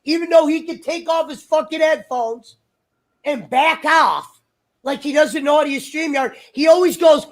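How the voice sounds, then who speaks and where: A man's voice: extremely high pitch, moderate pace. A man chatting on a livestream in a rambling, argumentative, profane way. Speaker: stream guest. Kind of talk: casual livestream chat.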